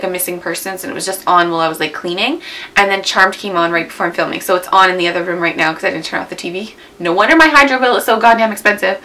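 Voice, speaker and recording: A woman's voice: mid-range voice, bright, forceful tone, low-quality recording. A young woman in her twenties chatting casually at home in a vlog, rambling with lots of "like" and "um". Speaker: beauty vlogger. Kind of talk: casual chatty tag video. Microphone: camera mic.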